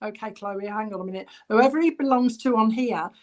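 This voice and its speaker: Halting woman medium, higher voice. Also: a little mellow. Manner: halting, relays spirit messages with many ums; addresses viewers by name, chatty and reassuring. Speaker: spiritualist medium. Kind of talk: online church clairvoyance reading.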